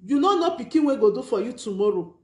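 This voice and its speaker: A woman's voice: fairly high pitch, lively intonation, quick pace, reverberant. A Nigerian woman with a Nigerian Pidgin English accent hosting a casual live stream, giving emphatic, preachy advice. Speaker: vlogger and live-stream host.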